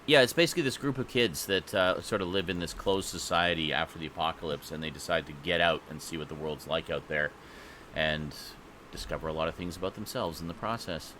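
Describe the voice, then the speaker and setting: Male podcast host reading movie news, low voice with a bright edge, a bit tired, faint hiss behind. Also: fairly quick. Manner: reads trailer blurbs aloud, then chats about them. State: tired, yawning.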